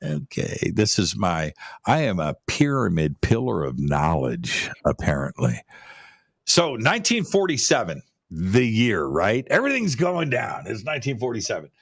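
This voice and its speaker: A man's voice: mid-range voice, a bit bright, dry recording, clean studio sound. A man talking casually about pyramids as a guest, rambling, repeating words and restarting his sentences. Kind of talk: casual conversational talk.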